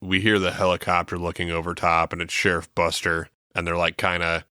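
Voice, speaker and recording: Man, podcast co-host, laid-back profane chat, very low voice, dry close sound. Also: completely flat delivery, brisk, pushed and bright, smooth, no room sound. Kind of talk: casual chat about a film.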